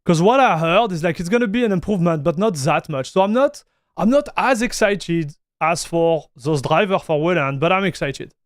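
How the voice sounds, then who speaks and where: A man's voice: high-pitched, animated, normal speed, no room sound, clean studio sound. A young man from the south of France with a French accent, casually chatting with viewers on a live stream. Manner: casual, addresses viewers as buddy and dude.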